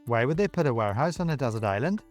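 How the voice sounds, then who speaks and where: A man's voice: medium pitch, animated, rapid-fire, soft background music, natural voice. A man voicing a practical young woman coworker who speaks matter-of-factly. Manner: matter-of-fact.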